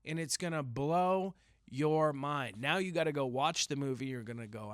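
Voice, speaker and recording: A young man hosting a solo podcast, telling rambling jokey stories and breaking into sudden loud yelps. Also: fairly high pitch, moderate pace, no echo, clean studio sound. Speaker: podcast host. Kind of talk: casual solo podcast rant.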